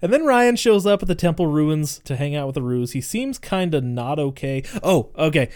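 A man in his thirties co-hosting a podcast, casually retelling a movie with lots of swearing and quick quoted voices. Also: fairly high pitch. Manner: profane, animated storytelling with quick quoted voices. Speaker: podcast co-host. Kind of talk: casual movie recap chat.

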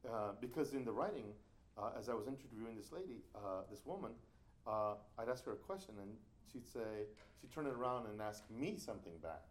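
Animated man telling a story with swinging pitch. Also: a little fast. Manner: lively storyteller who acts out quoted voices, with restarts. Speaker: playwright and writing workshop teacher.

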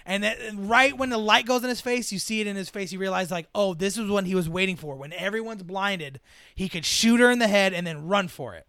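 A man's voice: high voice, fairly quick, smooth, no room sound, studio quality. A man co-hosting a casual movie chat, retelling scenes with swearing and acted-out lines. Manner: animated retelling, acts out scenes, swears freely. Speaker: podcast co-host.

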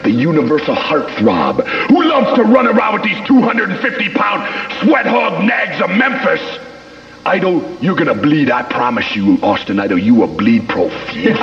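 A man's voice: on the high side, very animated, normal speed, gravelly. A man cutting a boastful, taunting wrestling promo, mocking his rivals. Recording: echoey, dull 1980s TV tape with music.

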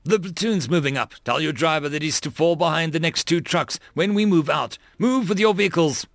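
A man's voice: on the high side, brisk, gravelly, a bit bright, no room sound, clean studio sound, voice pushed up. A man voicing a tough female army sergeant under fire, barking urgent commands and swearing. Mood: barking orders.

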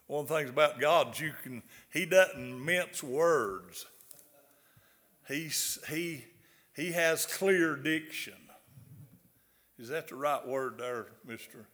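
Older Southern preacher in a reverberant hall. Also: male voice, on the high side, slow, pauses often, fairly bright tone. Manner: folksy, repeats words, asks the audience questions. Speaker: pastor. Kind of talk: sermon. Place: large hall.

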